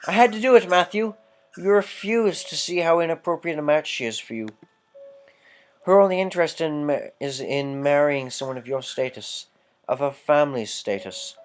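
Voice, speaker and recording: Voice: medium pitch, moderate pace, clear, resonant tone, voice pushed up, close to an everyday voice. A player doing a haughty, wounded sister. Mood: justifying. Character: proud older sister defending herself.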